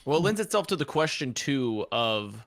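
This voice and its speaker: A man guests on an esports discussion and speaks with a lively pitch that moves up and down a lot. His delivery is animated and teasing. The sound is dry and close, with no room around him. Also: normal speed, no room sound.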